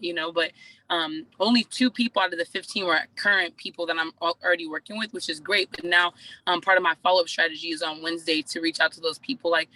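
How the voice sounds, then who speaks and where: A woman's voice: on the low side, bright, forceful tone, rough recording. A woman on a group call telling a chatty story, acting out what people said. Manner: chatty, acts out quoted dialogue. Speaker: team member sharing a story.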